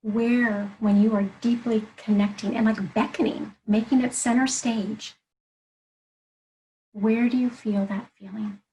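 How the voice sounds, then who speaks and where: A woman's voice: on the high side, fairly even intonation, unhurried, warm tone, low-quality recording. A woman life coach in an interview conversation, explaining her approach earnestly and laying out her points one by one.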